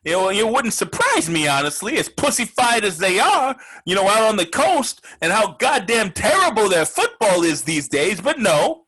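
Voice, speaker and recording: Male actor as a brash gambler sports host: husky, high and swooping, ranting and profane. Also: big pitch swings, moderate pace, hardly any pauses, exaggerated voice. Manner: loud, ranting, profane, mocking. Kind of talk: comedic sports rant.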